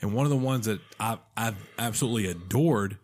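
A man with a somewhat low voice hosting a podcast. He talks in an enthusiastic, joking way, gushing over what he likes. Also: darkish tone. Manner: enthusiastic, joking, quick to laugh. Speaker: podcast host. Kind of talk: casual chat.

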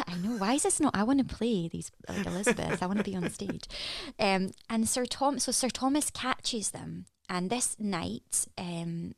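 A young woman from Edinburgh with an Edinburgh Scottish accent, a stage actress chatting as a podcast guest and telling a story in a lively, animated way. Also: mid-range voice, measured pace, creaky, no room sound. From Edinburgh, Scotland. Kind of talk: casual chat, storytelling.

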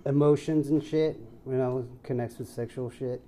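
A man's voice: mid-range voice, fairly even intonation, moderate pace, dark tone, a little hiss or hum. A young man co-hosting a casual podcast, laid-back, swearing a lot and calling his friend dude. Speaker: podcast co-host.

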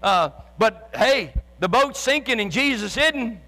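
High, bright-voiced male preacher in a hall. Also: animated, measured pace. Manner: impassioned preaching, often shouting, with stammered restarts. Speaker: pastor. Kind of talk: sermon. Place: church sanctuary with live and online congregation.

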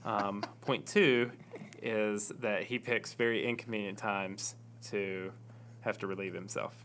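Bright-voiced joking man. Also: on the low side, fairly even intonation, unhurried, slight background noise. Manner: joking, playful. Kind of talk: casual chat.

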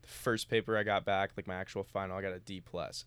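A young college student co-hosts a podcast in a low, clear, resonant voice, talking fast. Chatting casually, he acts out dialogue to animate his stories and swears freely.

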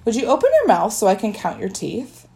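A kindly, teasing dentist, as a woman reading a storybook puts him on, coaxing a child with bright, lively lifts in the voice. The tone stays friendly and playful. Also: mid-range voice, fairly quick, creaky.

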